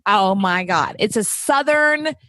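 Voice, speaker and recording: A woman's voice: fairly high pitch, fairly quick, no echo. Host: Southern-raised woman, radio host, gushing and self-deprecating, dry close recording. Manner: excitable, self-deprecating, repeats phrases. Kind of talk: casual interview conversation.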